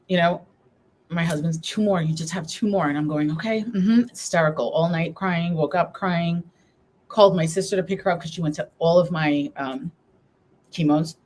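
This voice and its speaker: A middle-aged woman with a slightly low voice tells her story as a guest on a live talk show. She speaks with emotion close to the surface, fighting back tears as she goes on. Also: normal speed, a little mellow. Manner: tearful, holding back emotion while telling her story.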